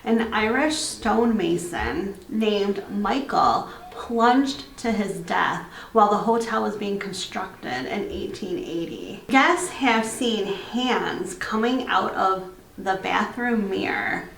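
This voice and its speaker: A young woman telling her own haunted hotel experience in a casual, animated way, acting out what she and her husband said and laughing now and then. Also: medium pitch, takes it slowly, gravelly, echoey room, distant mic. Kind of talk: casual storytelling.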